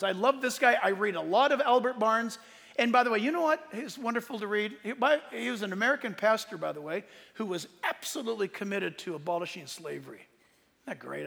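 A man preaching a sermon as pastor, animated and joking, often laughing and shouting in a church. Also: high voice, creaky, in a large hall.

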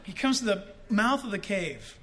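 A man preaching a sermon in an animated way, breaking into shouts for emphasis and joking as he goes. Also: high voice, moderate pace, slight background noise. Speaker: pastor.

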